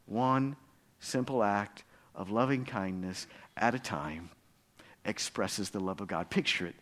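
A male pastor preaching a sermon, earnest and storytelling, swinging between hushed low passages and loud, emphatic climaxes. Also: a little slow.

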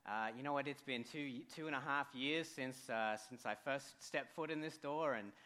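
A young Australian man preaching a church sermon as an intern, jokey and animated, with sudden quiet drops. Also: medium pitch, moderate pace.

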